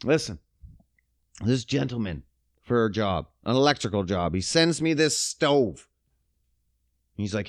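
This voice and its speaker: A man hosting a podcast, ranting casually with lots of swearing and mocking, his voice jumping up and down in pitch. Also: unhurried, long pauses, dry recording. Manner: profane, animated, mocking ranting with sudden pitch jumps. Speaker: podcast host.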